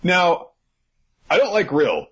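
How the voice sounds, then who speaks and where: Young guy chatting about comics, husky, voice jumps all over, swears a lot. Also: fairly high pitch, takes it slowly. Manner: animated, swearing, acts out characters. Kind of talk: casual chat recapping a manga.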